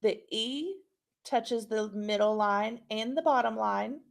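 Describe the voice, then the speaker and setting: A woman teacher talks through a recorded class lesson at an unhurried, deliberate pace. Her voice sits a little high, with a gravelly fry. She keeps checking in with "okay?". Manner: slow, clear instructional delivery with frequent checks.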